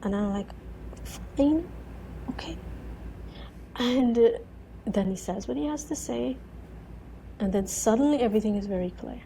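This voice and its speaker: A woman in her thirties, a guest in an interview, telling her story in an animated way, full of repeated "and"s and acting out her own words. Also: medium pitch, fairly quick, creaky, a little hiss or hum, low-quality recording. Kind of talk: conversational interview.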